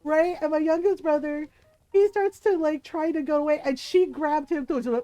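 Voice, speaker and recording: A woman's voice: sits high, moderate pace, warm tone, poor audio. A woman streamer telling a family story in casual chat, laughing often and acting out the people she quotes.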